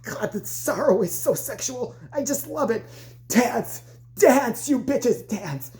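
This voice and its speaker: A woman playing a bossy, cruel middle-aged dance teacher in a shrill, shouting voice. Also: lively intonation, slow. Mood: gloating. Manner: barking orders, mocking and over the top.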